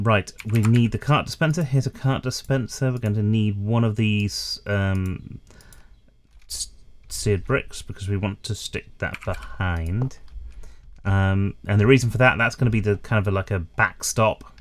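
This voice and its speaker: A man's voice: on the low side, fairly even intonation, a little slow. A man with a slightly strained voice, rambling casually to his chat as he plays a game. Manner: rambling, chatty, self-deprecating, talks to chat. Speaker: streamer. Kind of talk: casual gameplay commentary.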